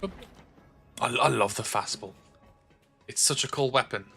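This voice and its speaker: A young gaming streamer with an English accent, from the Black Country, rambles and chats from a room at home, often starting over and using filler. His medium-pitched voice is gravelly, husky and sharp at a moderate pace, over faint music.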